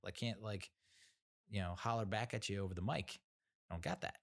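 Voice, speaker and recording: Low-voiced sarcastic rambling man. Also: brisk, gravelly. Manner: rambling and sarcastic, full of fillers. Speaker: podcast host. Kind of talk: casual storytelling monologue.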